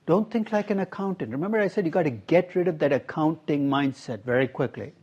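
A man's voice: on the high side, sing-song, normal speed, darkish tone, breathy edge, dull audio. A middle-aged man giving a classroom lecture as a professor, quizzing his students and dropping wry asides. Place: university classroom.

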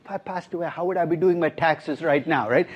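A man's voice: a little high, a little fast, breathy edge, lo-fi sound. A middle-aged man giving a classroom lecture as a professor, quizzing his students and dropping wry asides. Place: university classroom.

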